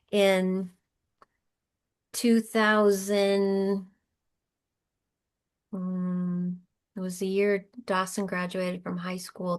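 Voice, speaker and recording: A middle-aged woman speaks as a podcast guest, sharing her story in an earnest, heartfelt way. She often breaks off and starts over, and her voice sits at an ordinary pitch. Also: clear, resonant tone. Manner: earnest, emotional recollection with many restarts. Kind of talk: conversational storytelling.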